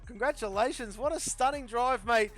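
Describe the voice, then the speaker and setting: A man's voice: extremely high pitch, moderate pace, fairly bright tone. A man hosting a sim racing league's post-race interviews, upbeat and chatty with friendly banter and repeated stock phrases. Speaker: league host interviewing drivers.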